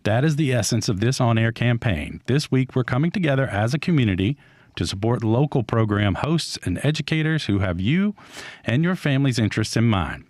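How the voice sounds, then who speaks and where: A man reading a steady, earnest fundraising appeal for a radio station. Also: mid-range voice, fairly quick, no room sound, clean studio sound. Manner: steady, earnest, scripted delivery.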